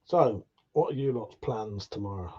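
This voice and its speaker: A man's voice: on the low side, normal speed, slightly rough. A man hosting a casual livestream, chatting and reading out viewer comments in a tired, swearing, easygoing manner. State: tired, yawning. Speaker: livestream host. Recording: dull lo-fi stream audio.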